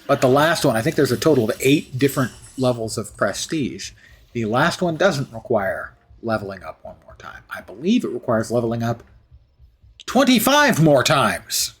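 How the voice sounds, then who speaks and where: A man's voice: mid-range voice, animated, fairly quick, slightly rough. A man live-streaming a game, chatting in a rambling, self-deprecating way. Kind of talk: live gameplay commentary.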